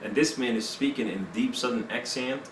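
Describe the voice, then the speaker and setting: Man, interview guest, emphatic testimony, halting English, distant mic. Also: medium pitch, slight background noise. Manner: emphatic storyteller, broken English, many fillers. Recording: echoey room, mic at a distance.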